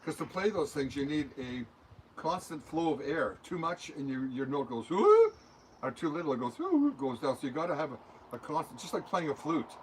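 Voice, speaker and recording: A man's voice: fairly high pitch, a little fast, poor audio. Older man rambling through studio anecdotes. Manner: rambling, anecdotal, talks with his hands through examples. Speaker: musician being interviewed. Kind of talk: casual interview answers. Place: recording studio. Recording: steady background noise.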